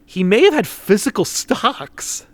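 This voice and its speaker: A man's voice: high voice, big pitch swings, unhurried, no room sound. A young man co-hosting a casual podcast, rambling through theories with lots of fillers. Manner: rambling, acts out characters. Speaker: podcast co-host. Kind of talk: casual comic-book chat.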